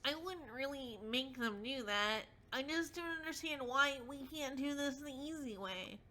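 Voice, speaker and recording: A woman voicing a timid, meek young male troll, hesitant and soft-spoken, during a comic read-aloud. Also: sits high, expressive, moderate pace.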